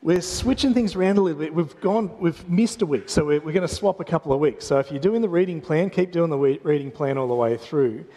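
A man's voice: a little high, brisk, hardly any pauses, dark tone. An Australian man preaching a sermon in a church, telling a story in a chatty, humorous way with frequent restarts. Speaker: pastor. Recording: long hall reverb.

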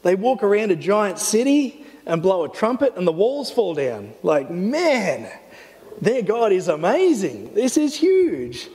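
A man giving a sermon as pastor, earnest and animated, teaching a series. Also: sits high, a little slow, in a large hall. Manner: earnest, animated, often voices God in quotes.

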